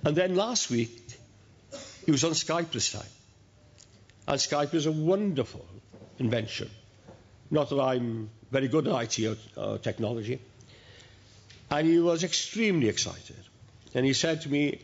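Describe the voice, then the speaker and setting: A man, addressing graduates at a university ceremony in a measured, storytelling manner with pauses. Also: on the high side. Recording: dull lo-fi recording.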